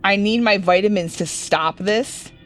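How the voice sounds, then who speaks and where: A woman's voice: mid-range voice, measured pace, soft background music. A young woman hosting a horror game playthrough, reading the game text aloud with joking asides. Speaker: gaming video host. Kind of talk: casual let's-play commentary.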